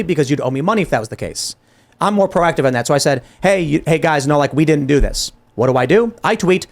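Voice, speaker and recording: Male talk host, 30s, higher register, heated and animated, stumbles and restarts a lot. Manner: animated, exasperated, frequent restarts and quoted dialogue. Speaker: podcast host. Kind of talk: heated political commentary.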